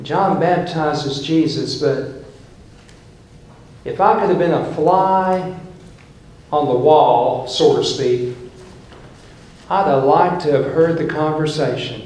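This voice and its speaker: A man's voice: a little high, takes it slowly, pauses often, darkish tone. A male pastor preaching a sermon, emphatic, and painting scenes as he tells the story. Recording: very echoey church room.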